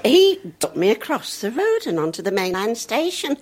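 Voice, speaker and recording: A woman's voice: on the high side, sing-song, moderate pace, noisy background. An older woman from northern England, a veteran actress telling chatty, self-mocking comic stories. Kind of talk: comic anecdote.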